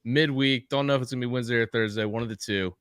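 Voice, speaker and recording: Male podcast host, mid-pitched, brisk and upbeat in casual banter. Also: steady tone, fairly bright tone, smooth, no room sound, clean studio sound.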